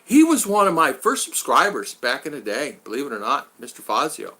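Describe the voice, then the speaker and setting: Man, live stream host, rambling casual chat, hoarse, bright tone. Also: a little high, wildly swooping pitch, brisk. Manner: rambling, repeats thanks to viewers. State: voice going hoarse.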